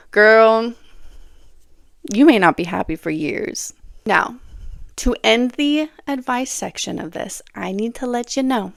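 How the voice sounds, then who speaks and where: Woman, podcast host, sassy pep talk, smooth clear voice, dry close sound. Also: medium pitch, no room sound. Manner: sassy, animated, addresses listener as "girl". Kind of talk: solo advice podcast, casual chat. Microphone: phone or camera on charger.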